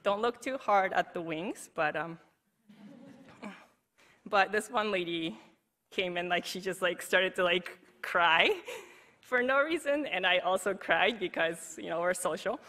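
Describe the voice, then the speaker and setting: A woman giving a conference talk with a bright, crisp tone. She speaks in a loose, chatty way, packing her sentences with "like" and breaking into easy laughter. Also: lowish voice, animated, unhurried. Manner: chatty, heavy use of "like", laughs easily. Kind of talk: recorded presentation talk.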